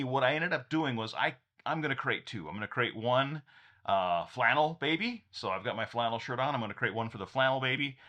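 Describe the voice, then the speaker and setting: A man's voice: medium pitch, sharp tone. A man walking viewers through a tech tutorial in a casual, upbeat way, chuckling often and restarting his sentences. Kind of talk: casual screen-share tutorial.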